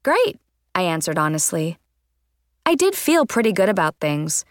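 Brief: woman audiobook narrator, first-person storybook reading, expressive, dry close sound. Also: on the low side, moderate pace, no echo. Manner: lively, expressive reading with character voices.

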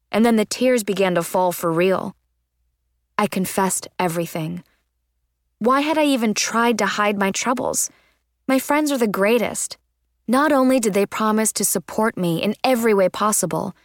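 Brief: woman audiobook narrator, first-person storybook reading, expressive, dry close sound. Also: medium pitch, no echo. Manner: lively, expressive reading with character voices.

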